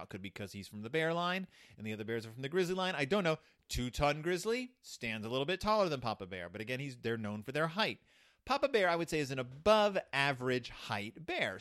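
A man hosting his own show, recapping a children's book with playful, animated retellings of its scenes. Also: a little high, no echo, studio quality. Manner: animated, playful, acts out quotes. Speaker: podcast host.

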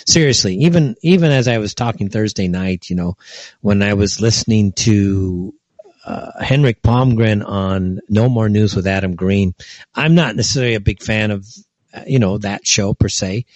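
A man's voice: on the low side, normal speed, a little mellow, dry recording. A man hosting an internet radio show, ranting in a scornful, exasperated way with bursts of laughter. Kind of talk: ranting talk radio monologue. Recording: dull, lo-fi, dry sound.

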